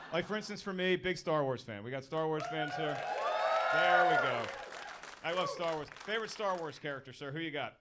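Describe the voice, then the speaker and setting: A man doing a stand-up comedy set on a club stage, talking in a punchy, conversational way and working the crowd. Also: fairly high pitch. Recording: noisy live club recording.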